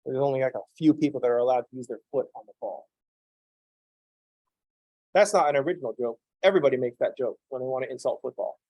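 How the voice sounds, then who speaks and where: A man's voice: mid-range voice, fast, long pauses, dry recording, muffled recording. A man teaching a math class, talking emphatically and drifting into self-deprecating stories. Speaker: math instructor. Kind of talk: lecture with digressive anecdotes.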